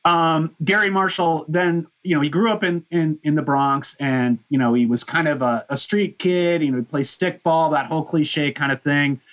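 A man's voice: a little high, steady tone, moderate pace, hardly any pauses, a bit bright. A man hosting a podcast, casually rambling through a history with lots of "you know" fillers. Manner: rambling, many fillers and restarts. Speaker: podcast host. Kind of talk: casual chat, historical overview.

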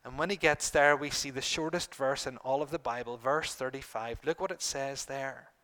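A middle-aged man preaching a sermon to his congregation, earnest, repeating phrases and pausing for emphasis. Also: medium pitch, sharp tone. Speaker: pastor.

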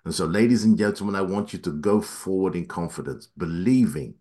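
A man preaching a sermon, his voice climbing for emphasis and then dropping low and quiet, reading scripture at a quick clip. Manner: dynamic preaching, voice rising high then dropping low and soft.

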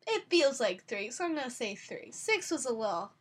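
A woman's voice: fairly high pitch, big pitch swings, normal speed, breathy edge. A young woman with a sore voice, co-hosting a podcast in casual, joking chat full of fillers. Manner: giggly, joking, rambling with many fillers. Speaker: podcast co-host.

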